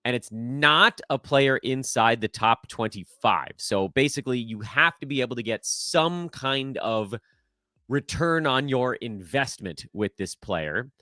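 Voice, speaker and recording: A man's voice: mid-range voice, unhurried, no room sound, studio quality. A man hosting a fantasy basketball show, talking casually and jokingly with rambling asides. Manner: animated, jokey, rambling asides. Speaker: fantasy basketball podcast host. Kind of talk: casual solo sports analysis.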